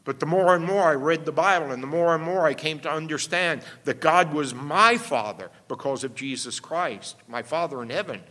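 A man's voice: fairly high pitch, normal speed, hardly any pauses, pushed and bright. A man pastor delivering a teaching sermon, explaining step by step and often checking in with "all right?". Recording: long hall reverb.

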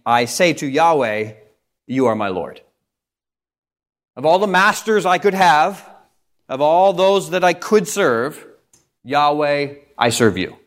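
A male pastor giving an earnest, emphatic sermon, reading scripture and stressing key phrases. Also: a little high.

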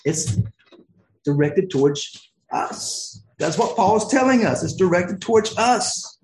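A male preacher delivering a sermon with fervent swings between exclamations and hushed near-whispers. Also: fairly high pitch, reverberant, rough recording.

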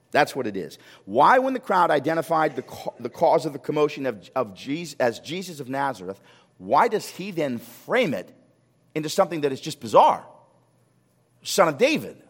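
A man preaching a sermon as a pastor, animated, firing rhetorical questions and repeating words when he gets excited. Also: a little high. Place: church sanctuary. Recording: long hall reverb.

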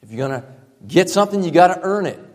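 A male pastor preaching a sermon, emphatic, dropping to a hush for effect and piling up repeated phrases. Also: high voice, lively intonation, quick pace. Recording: long reverb from a large hall.

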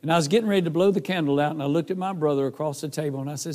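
A man's voice: on the high side, very fast, few pauses, darkish tone, in a large hall. A middle-aged man giving a heartfelt spoken testimony, telling his story earnestly and acting out his own prayers. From North Carolina. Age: 40s or older. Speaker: gospel singer giving testimony.

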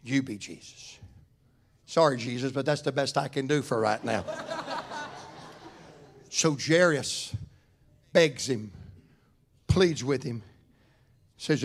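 A man preaching a church sermon, swinging between loud fervent cries and quiet, soft-spoken stretches. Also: mid-range voice, takes it slowly, creaky, pauses often. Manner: fervent preaching with rising shouts and soft drops.

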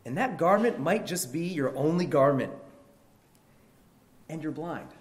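A man preaching a sermon, telling a story with lively energy and calling his listeners brethren. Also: on the high side, measured pace, roomy sound.

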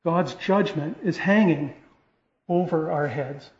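A man's voice: on the high side, slow pace, a little mellow. A man preaching a sermon, earnest, often restarting phrases and rising to stress key points. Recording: echoey room, dull lo-fi sound.

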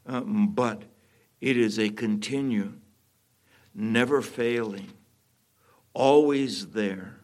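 Slow, low-voiced male preacher. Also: a little mellow. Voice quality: emphatic, repeats phrases for stress. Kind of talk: sermon.

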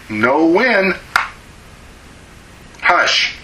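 A man delivers a sermon as a pastor, speaking slowly with deliberate weight. His voice is bright and a little high for a man, and it rings in an echoey room. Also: big pitch swings. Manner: slow, emphatic preaching with drawn-out words.

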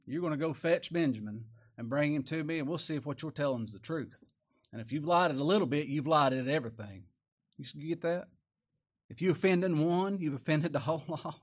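Man, preacher, fairly high pitch, folksy conversational sermon, rhetorical questions. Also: lively intonation, fast, husky.

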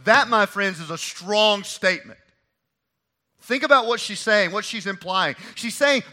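A man preaching a sermon, emphatic and repeating phrases for stress, swinging between hushed and loud. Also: high voice, expressive, a little slow. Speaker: pastor.

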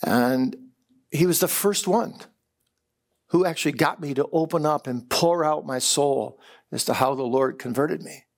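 This chapel sermon comes from a man with a slightly high, creaky voice at a measured pace. He's an earnest storyteller who now and then repeats words as his excitement builds.

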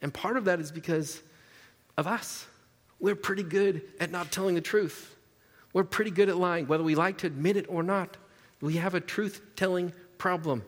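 A man's voice: high-pitched, normal speed, big-room sound. A man preaching a conversational sermon, casual and joking, tossing rhetorical asides to the congregation. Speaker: pastor.

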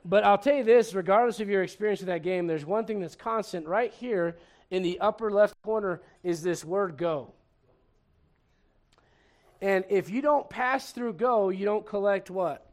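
A male pastor from Puerto Rico preaching a sermon, animated and joking, often restarting sentences and acting out little scenes. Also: high-pitched, normal speed.

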